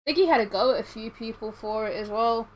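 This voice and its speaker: Young woman rambling on her stream, slightly high voice, loads of ums and restarts. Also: fast, low-quality recording. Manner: rambling, animated, lots of fillers and restarts. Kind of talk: casual storytelling while livestreaming.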